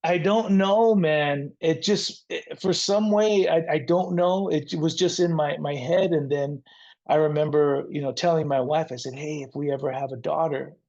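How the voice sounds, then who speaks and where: A man's voice: a little high, fairly even intonation, measured pace, a little mellow, lo-fi sound. A middle-aged man from the San Diego area, a rock frontman telling his life story as an interview guest in an earnest, reflective way. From San Diego area, near the Mexican border. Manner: earnest, reflective, faith-centered.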